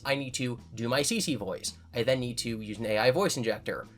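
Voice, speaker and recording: A man's voice: medium pitch, a bit bright. Guy chatting thru viewer questions, restarts a lot, some music faint in the back. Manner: thinking aloud, with frequent restarts and repeated words. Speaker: YouTube host answering viewer questions. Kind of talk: casual chat.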